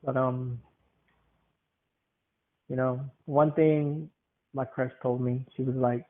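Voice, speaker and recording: A man's voice: mid-range voice, flat delivery, slow. Rambling man with a tinny, phone-like sound. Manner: rambling, repeats words, many fillers. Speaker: podcast host. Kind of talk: casual rambling monologue.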